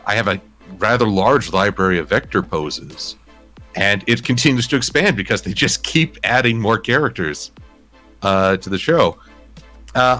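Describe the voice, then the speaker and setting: A man being interviewed about his art, speaking in a measured, thoughtful way with frequent pauses. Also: fairly low pitch, pushed and bright. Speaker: interview guest, digital artist. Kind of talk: casual chat interview.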